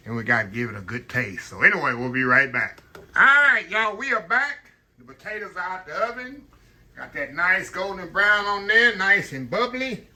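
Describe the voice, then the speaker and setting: Guy cooking and chatting to his viewers, really bright sharp voice, keeps saying y'all. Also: on the high side. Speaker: home cook hosting a cooking channel. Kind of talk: casual cooking demonstration.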